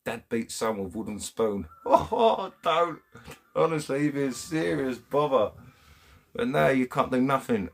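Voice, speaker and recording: A man's voice: mid-range voice, expressive, unhurried, vocal fry. A man with an English accent hosting a casual live stream, chatting bluntly in heavy slang, laughing often and reading out viewers' comments from his home. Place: home, indoors.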